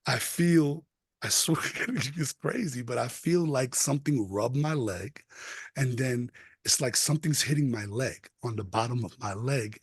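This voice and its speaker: Husky-voiced man telling a story. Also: medium pitch, no room sound, clean studio sound. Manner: earnest, emphatic, leans on "like" and "man". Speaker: podcast guest. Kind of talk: casual storytelling.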